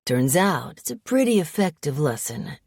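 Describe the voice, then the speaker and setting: A woman reading an audiobook, voicing a brooding male mafia man from New Jersey who talks in a low, drawling, menacing way. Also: big pitch swings, normal speed, darkish tone, slightly rough, no echo, studio quality, exaggerated voice. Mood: cool drawl. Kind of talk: audiobook character voice.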